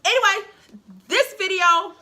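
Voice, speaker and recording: A woman vlogger reviews a reality show with sassy, animated commentary, calling her viewers "honey." Her voice is extremely high-pitched, and she keeps a measured pace.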